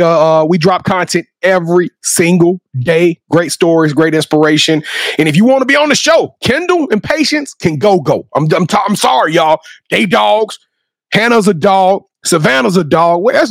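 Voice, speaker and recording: A man with a high-pitched voice hosts a sports talk show, heaping on praise in loose, slangy hype talk. The sound is dry and close, with no room around it. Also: no room sound. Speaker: podcast host. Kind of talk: casual hype chat.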